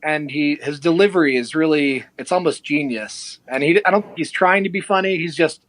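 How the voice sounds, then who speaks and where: A man's voice: a little high, brisk, dry recording. A young adult man, a podcast guest, telling a casual story and acting out the people in it. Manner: animated, acts out quoted people.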